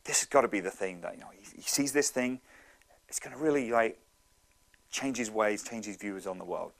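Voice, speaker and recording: A frustrated father at his wits' end lectures in an exasperated, lowered voice, as a man puts him on. He sounds tired of his kids and determined to teach them a lesson. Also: a little fast, vocal fry. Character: frustrated father of two boys.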